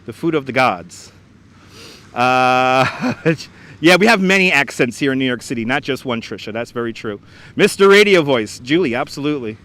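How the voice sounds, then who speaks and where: A man's voice: on the high side, pushed and bright. Chatty man hosting a beach live stream. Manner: chatty, reads out viewer comments and greets them by name, laughs often. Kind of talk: casual live-stream chat. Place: outdoors on a frozen beach. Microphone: wireless clip-on mic.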